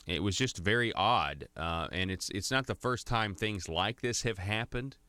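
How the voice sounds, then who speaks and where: A man hosting a talk radio show, speaking casually and haltingly with many fillers and restarts. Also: on the low side, bright, forceful tone, no echo.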